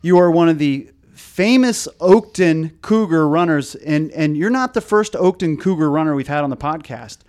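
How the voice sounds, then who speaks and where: Slightly high-voiced male podcast host. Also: lively intonation, normal speed, hardly any pauses, darkish tone. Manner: hesitant, many fillers and restarts. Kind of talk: casual podcast chat.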